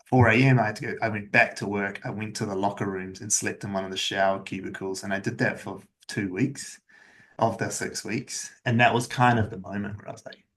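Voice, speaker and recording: A man speaks in a low-pitched voice as a podcast guest, telling his own story plainly and without drama. His delivery stays even-keeled and candid, with many casual fillers. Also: a little fast. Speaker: podcast guest, agency founder. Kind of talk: personal storytelling in an interview.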